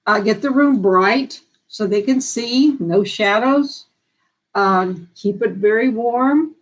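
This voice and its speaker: A woman's voice: mid-range voice, takes it slowly, low-quality recording. A woman hosting a live stream and giving advice on dementia care in a folksy, earnest, down-to-earth way. She often repeats and restarts phrases as she thinks aloud.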